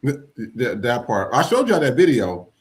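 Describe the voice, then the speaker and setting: A man hosting a casual political podcast, blunt and profane, ranting with animated swings in his voice. His pitch sits in a middle range for a man. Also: moderate pace. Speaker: podcast host.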